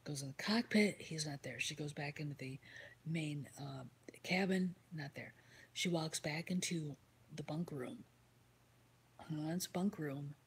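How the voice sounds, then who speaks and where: Woman, livestream host, very husky airy voice, lowish pitch, casual storytelling, whispered asides, swears. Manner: reads and answers chat comments. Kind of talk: casual chat, retelling a story.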